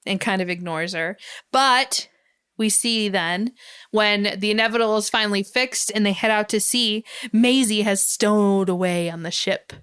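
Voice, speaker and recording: A woman on a podcast retells a film's plot in loose, chatty talk. She giggles often and slips into quick paraphrases of what the characters say, at a pitch that sits in the middle for a woman. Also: fairly bright tone, clear, resonant tone. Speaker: podcast co-host. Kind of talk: casual film recap chat.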